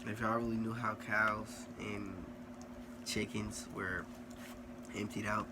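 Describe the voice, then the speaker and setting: Offhand, teasing young male co-host, a bit low-pitched, audible hiss. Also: level tone, slow pace, creaky. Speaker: vlog co-host. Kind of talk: casual chat. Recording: noisy home recording.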